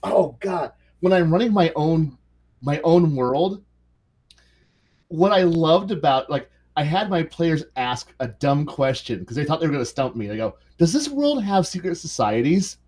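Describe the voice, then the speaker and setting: A man's voice: on the high side, measured pace, darkish tone. A man co-hosting a casual podcast about tabletop role-playing games, rambling with many restarts and fillers. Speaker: podcast co-host.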